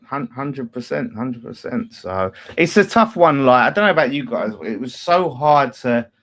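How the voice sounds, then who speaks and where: A man's voice: medium pitch, very animated, moderate pace, fairly bright tone. A man hosting a casual post-match fan chat, reading out viewer messages and laughing often. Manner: chatty, laughs often, reads messages aloud. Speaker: fan channel host reading super chats.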